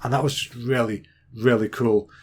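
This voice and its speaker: English man, 30s, podcast host; relaxed rambling storyteller, quick with jokes. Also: medium pitch, husky. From England. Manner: rambling, chatty, jokey. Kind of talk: casual storytelling monologue.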